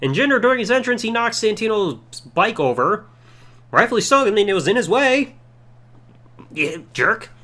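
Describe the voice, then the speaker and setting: A man's voice: high-pitched, big pitch swings, normal speed, pushed and bright. A man hosting a podcast, giving a casual, sarcastic play-by-play review of a wrestling show and mocking the moves he dislikes. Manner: sarcastic, mocking, does silly impressions.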